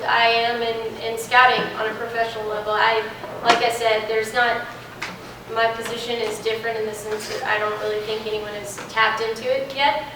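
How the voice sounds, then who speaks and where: Picked up from afar in a reverberant room with a little noise, this young woman is a guest speaker fielding classroom questions. Her voice sits on the high side, and her delivery is flat at a moderate pace even as she chats animatedly.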